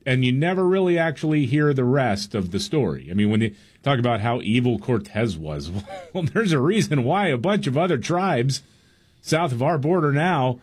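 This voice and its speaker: A man's voice: medium pitch, sing-song, moderate pace, a little mellow, husky. A man co-hosting a radio talk show, explaining his views at length with a few fillers. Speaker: radio co-host.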